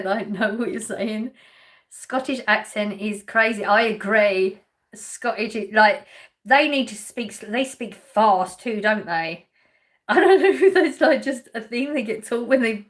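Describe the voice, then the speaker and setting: Slightly high and a bit bright, this woman's voice carries an Essex English accent; she comes from Essex, England. She's hosting a live stream, chatting easily as she reads and responds to comments from viewers, laughing lightly and giving direct answers to questions in the chat.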